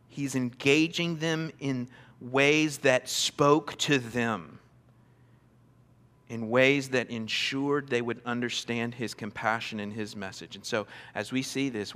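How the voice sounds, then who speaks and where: A man's voice: fairly high pitch, bright, forceful tone, big-room sound. A male pastor preaching a sermon, earnest and emphatic, repeating phrases for stress, recorded in a large church.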